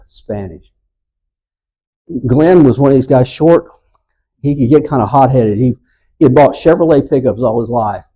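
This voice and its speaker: Older guy in his 60s doing a bible lesson, warm husky voice, gets loud acting out quotes. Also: mid-range voice, low-quality recording. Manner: storytelling, rises loud and animated when acting out quotes. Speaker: Bible class teacher. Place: church classroom.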